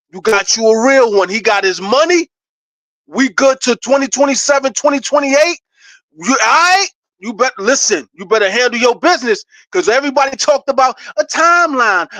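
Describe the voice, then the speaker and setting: A man gives excited, casual basketball commentary straight to his viewers. He is animated and hyped, and breaks into laughs and shouts. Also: extremely high pitch, dry recording. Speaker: sports commentator vlogger.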